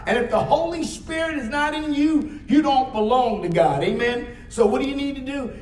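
A man delivers a sermon with a strikingly high voice, drawing his words out slowly and breaking into emphatic bursts. His voice rings through a roomy church sanctuary, picked up from a distance. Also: darkish tone. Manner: preaching with frequent "Amen?" call-outs, emphatic rises. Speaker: pastor. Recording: echoey church hall, mic at a distance.

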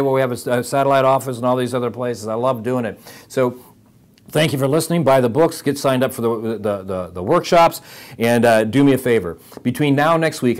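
A man with a medium-pitched voice hosts a motivational podcast for service advisors. He speaks directly and emphatically, repeating phrases to drive his points home.

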